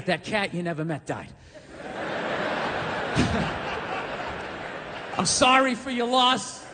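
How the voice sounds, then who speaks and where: A middle-aged man doing stand-up comedy, ranting and profane, slipping into shouted character voices. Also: very high-pitched, background noise. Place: comedy club stage before a live audience. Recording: roomy hall with faint ambience.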